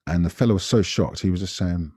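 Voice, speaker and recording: Guy in his 50s telling an old story on a podcast, low dark voice, dry sound. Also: fast talker, slightly rough, dry recording. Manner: animated, repetitive retelling with frequent asides. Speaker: podcast guest recalling past events. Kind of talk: casual spoken storytelling.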